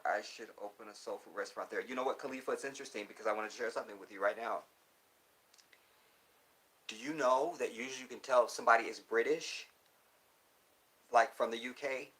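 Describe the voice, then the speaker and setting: Bright-voiced Texan man livestreaming. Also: mid-range voice. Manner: animated, swings into heated profane rants. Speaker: livestream host reading viewer comments. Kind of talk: casual livestream chat. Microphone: phone.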